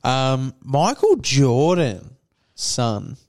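A man co-hosts a crude, casual podcast. He rambles through stories, acts out the other people in them, and swears freely, at a middling pitch. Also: very animated, extremely slow, darkish tone. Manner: rambling storytelling, swears a lot. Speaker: podcast co-host.

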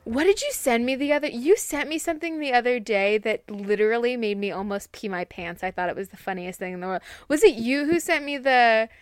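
A woman's voice: on the high side, animated, brisk, few pauses, smooth, no echo. A woman in casual chat, playful and giggly, jumping from topic to topic.

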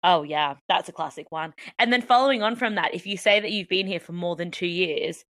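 A woman's voice: fairly low pitch, brisk, fairly bright tone, no room sound. A young Australian woman co-hosting a podcast in casual chat, laughing often, swearing and acting out the people she quotes. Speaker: podcast co-host.

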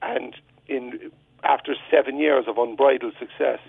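A man's voice: medium pitch, fairly even intonation, unhurried, vocal fry, slightly rough, no echo. A middle-aged man with a Cork Irish accent, calling in to a radio chat and talking in a reflective, rambling way. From Cork, Ireland. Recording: tinny phone line, dry.

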